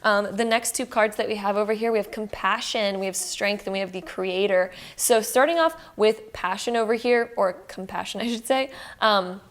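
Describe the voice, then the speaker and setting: A woman's voice: medium pitch, moderate pace. Young Canadian woman, tarot reader, casual reassuring ramble with many fillers. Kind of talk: casual tarot reading to camera.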